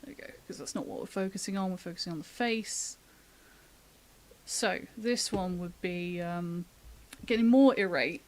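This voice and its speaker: A woman talks through a drawing demo in a relaxed, chatty stream. She thinks aloud as she sketches and laughs easily. She is from the UK. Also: fairly low pitch, moderate pace. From United Kingdom. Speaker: artist giving a drawing demo. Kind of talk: casual live-stream drawing tutorial.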